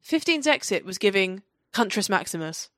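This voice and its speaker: A woman co-hosting a podcast, chatting casually in a gushing, excitable way and sometimes reading from her notes. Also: medium pitch, normal speed, dry recording, clean studio sound. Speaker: podcast co-host. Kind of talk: casual fan chat.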